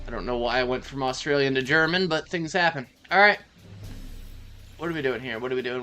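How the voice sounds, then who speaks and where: A man's voice: medium pitch, brisk, pushed and bright, faint music behind. A man casually chatting on his live stream as he plays a shooter, loose and profane, rambling and talking to his cat. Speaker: gaming streamer. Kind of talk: casual live-stream chat while playing.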